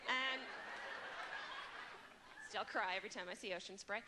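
A woman comedian doing a stand-up set on a club stage, chatty and self-mocking with quick asides to the crowd. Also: mid-range voice, background noise.

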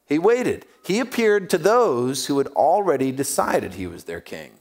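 A man's voice: a little high, big pitch swings, unhurried, darkish tone. A man preaching a sermon, telling stories with humor and acting out the voices of the people in them. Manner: humorous and self-deprecating. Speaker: pastor.

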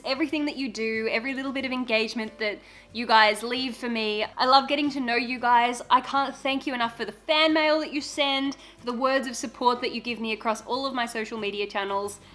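Bright, earnest young woman vlogger. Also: on the high side. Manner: earnest and emotional, with frequent giggles. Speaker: beauty YouTuber. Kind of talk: casual unboxing vlog.

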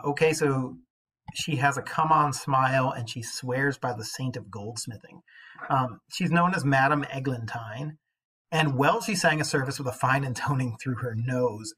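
A man's voice: on the high side, a bit bright, breathy edge. A male teacher reading an old poem aloud and stopping for casual, questioning asides.

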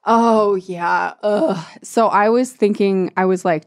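A woman's voice: mid-range voice, slow. A woman co-hosting a podcast in casual chat, sarcastic, laughing often and swearing freely. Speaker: podcast co-host.

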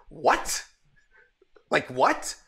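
A man's voice: fairly high pitch, very slow, creaky. A man giving a live-streamed chess lesson, telling stories and calling out to his viewers. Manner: animated, storytelling, calls to viewers. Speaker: chess teacher.

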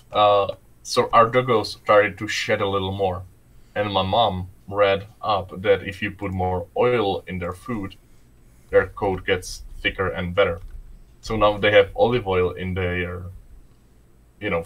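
A man's voice: fairly low pitch, fairly bright tone, poor audio. A man whose first language is Czech, chatting casually and playfully, often laughing and restarting his sentences. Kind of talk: casual chat.

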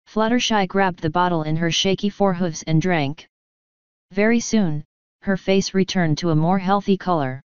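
A woman narrating a fan-written story in a steady, even way. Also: fairly low pitch, moderate pace, clean tone, no echo. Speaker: fanfiction reader. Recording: dull lo-fi recording.

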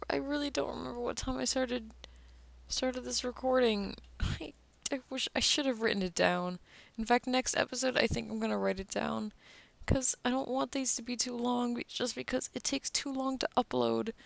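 On camera, a drunk artist vlogger keeps up loose, rambling commentary as she draws. Her voice is on the high side with vocal fry, recorded dry, and her speech slurs, full of curses and fading murmurs.

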